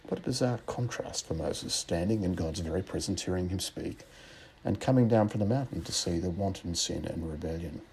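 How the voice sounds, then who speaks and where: Deep gravelly Australian preacher. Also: male voice, darkish tone, a little hiss or hum. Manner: reflective, measured, with rhetorical questions. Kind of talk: sermon.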